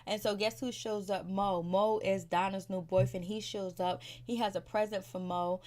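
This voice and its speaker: A woman's voice: medium pitch, level tone, moderate pace, few pauses. Chatty, slangy woman recapping a show. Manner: chatty and opinionated, slangy, many "like"s. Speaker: reality TV recap vlogger. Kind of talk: casual episode recap.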